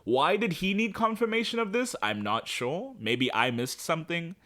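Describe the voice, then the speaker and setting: Podcast guy ranting about a tv episode, bright voice, swings up and down a lot, sarcastic. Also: fairly high pitch, moderate pace. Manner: animated, sarcastic, acts out characters' lines. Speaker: podcast co-host. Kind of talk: casual TV recap chat.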